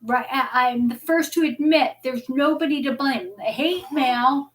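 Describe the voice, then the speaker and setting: A middle-aged woman hosting a live chat show from home into a webcam, talking earnestly with many halting restarts. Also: high-pitched, low-quality recording. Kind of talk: emotional live-stream chat.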